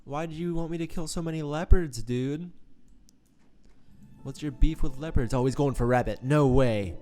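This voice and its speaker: A man's voice: on the high side, normal speed, warm tone, faint music behind. A man hosting a let's play, chatting casually through his gameplay in a playful, joking way that swings into mock melodrama.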